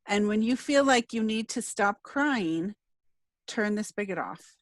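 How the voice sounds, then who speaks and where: A woman's voice: medium pitch, animated, measured pace, no room sound. A middle-aged woman speaking in an earnest, emotional way as she hosts a casual interview. Her voice is plain and close, with a very dry sound and no room around it. She tells her story openly. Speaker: podcast host and speaker.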